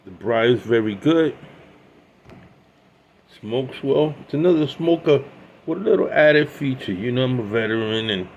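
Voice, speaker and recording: A man's voice: medium pitch, animated, normal speed, pauses often, lo-fi sound, slight background noise. A man in his sixties chatting casually as he shows off his pipes, rambling with many asides and restarts. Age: 60s. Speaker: pipe collector showing his pipes. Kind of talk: casual show-and-tell chat.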